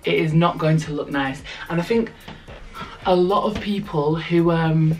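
A woman's voice: low voice, measured pace, far from the mic, soft background music. A young British woman casually chatting through a clothing try-on, candid and exclamatory, talking straight to her viewers. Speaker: vlogger. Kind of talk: casual try-on haul chat. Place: indoor room with a mirror and a stool.

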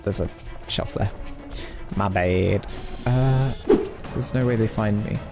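A man's voice: fairly low pitch, slow pace. A man playing a horror game and commenting, joking, yelping and talking to the characters. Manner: jokey, yelps and talks to game characters. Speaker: let's play gamer. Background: game music.

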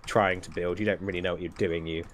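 A man's voice: low voice, fast, a crowd in the background. A young man, trash-talking and joking in casual gaming banter. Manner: teasing, trash-talking, excitable. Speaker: gaming YouTuber.

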